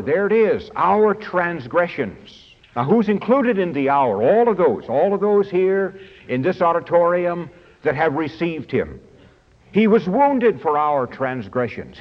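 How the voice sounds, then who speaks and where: A male preacher gives an emphatic sermon, his voice leaping up and down as he leans into key phrases. It comes through a dull, lo-fi radio broadcast. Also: fairly high pitch. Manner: emphatic, swings between slow stressed phrases and quick asides. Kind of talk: sermon teaching from a study booklet. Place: large auditorium.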